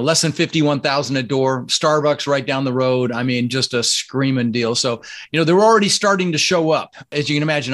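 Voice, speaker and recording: A man from the Netherlands, a podcast guest, talking in a casual interview with energetic, emphatic delivery. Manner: energetic, emphatic, jumps up in pitch when excited. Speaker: podcast guest, real estate investor.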